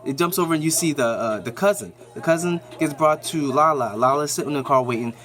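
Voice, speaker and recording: A man's voice: on the high side, fast talker, a bit bright, soft background music. A man hosting a nerd news channel, giving a casual, slangy, rambling recap of a TV episode with lots of fillers.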